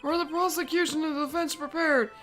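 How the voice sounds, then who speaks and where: A woman's voice: high voice, steady tone, a little fast, fairly bright tone, soft background music, pitched above the performer's own voice. A woman voicing a fussy older male judge in a formal, slightly hesitant way.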